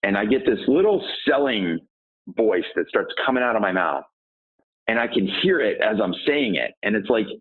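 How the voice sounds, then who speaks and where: A man's voice: on the low side, very animated, normal speed, husky. A man who coaches sales, answering interview questions. He keeps asking rhetorical questions and answering them himself. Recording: tinny phone-like line.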